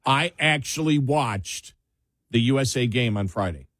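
A man's voice: mid-range voice, expressive, unhurried, a bit bright, dry recording. An easygoing man with a mid-range voice chats on a casual show. He laughs along and tells short anecdotes. The recording is dry, with no room sound. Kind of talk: casual chat.

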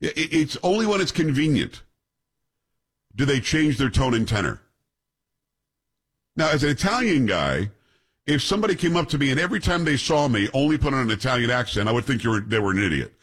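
A man's voice: mid-range voice, sing-song, a little fast, pauses often, a bit bright, slightly rough. A man hosting an opinion show, describing clips with blunt, scornful commentary. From New York. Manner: blunt, scornful commentary with many rhetorical asides. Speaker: show host.

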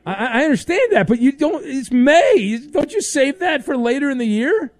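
A man's voice: very high-pitched, sing-song, normal speed, dry recording. A man hosting sports talk radio, playful and teasing as he takes calls and reads the news.

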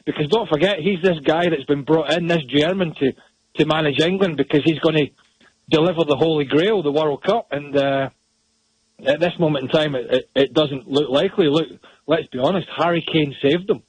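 A man's voice: a little high, moderate pace, slightly rough, no echo, rough recording. A man giving blunt, opinionated soccer analysis on a radio show, often repeating words as he goes.

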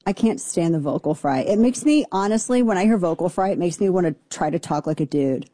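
A woman's voice: lowish voice, expressive, brisk, dark tone. A woman hosting a talk radio show, ranting in a brash, sarcastic, mocking way. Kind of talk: opinionated talk radio rant.

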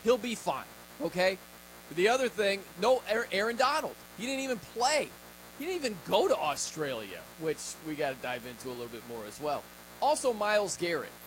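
An American man with a notably high voice makes his case on a sports talk show, firing off rhetorical questions and laughing between points. A faint hum of noise sits behind him. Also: rough recording.

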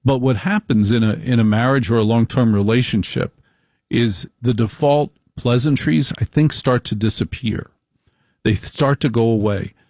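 A middle-aged man delivering a slow, deliberate, wry opinion monologue with repeated phrases. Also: medium pitch, darkish tone, dry recording, clean studio sound.

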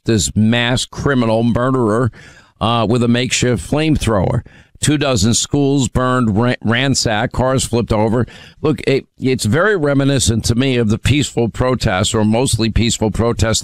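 A man hosting a talk radio show, giving forceful, opinionated commentary with frequent fillers and taking calls. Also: medium pitch, clear, resonant tone, no room sound. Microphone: studio microphone.

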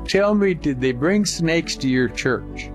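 A man's voice: on the high side, lively intonation, slow pace, faint music behind, voice pushed up. A man doing an amused, friendly young rock star.

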